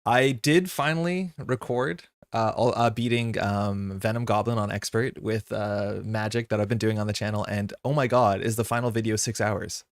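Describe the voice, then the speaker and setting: Chatty low-voiced man on a live stream. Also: steady tone, dry recording, studio quality. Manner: chatty and rambling, with many fillers and quick jumps in pitch when greeting chat. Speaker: streamer hosting a card game live stream. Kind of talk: casual live-stream chat, greeting viewers.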